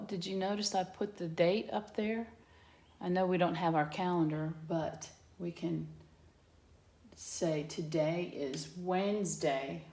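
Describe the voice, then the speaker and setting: Slow, patient woman teacher in an echoey garage. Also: on the low side, slight background noise. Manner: patient, sounding out letters slowly. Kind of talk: remote phonics lesson for young children. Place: home garage.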